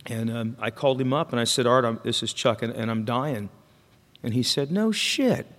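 A man's voice: mid-range voice, fairly even intonation, brisk, fairly bright tone. A man telling his recovery story to a meeting, candid and self-deprecating, often stopping and restarting his sentences. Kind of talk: personal recovery story told to an audience. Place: meeting hall with an audience. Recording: long hall reverb.

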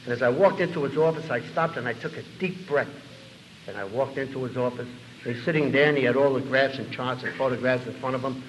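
A man's voice: mid-range voice, fast. An older man telling his own recovery story to an audience, rambling and acting out the dialogue. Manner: rambling, with repeated words and fillers. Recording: echoey hall with faint room noise.

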